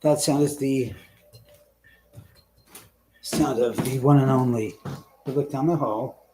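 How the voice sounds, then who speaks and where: Taking it slowly, this man in a mid-range voice streams his ghost hunt live from inside his house, wandering rooms and stairs. He grumbles and curses at invisible spirits, flipping between abrupt loud outbursts and whispered muttering in casual stream chat. Slight background noise is present.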